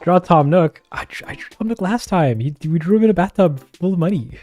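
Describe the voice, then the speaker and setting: A man's voice: sits high, lively intonation, fairly quick, dark tone, faint music behind. A man chatting casually and playfully while drawing live on stream, often laughing.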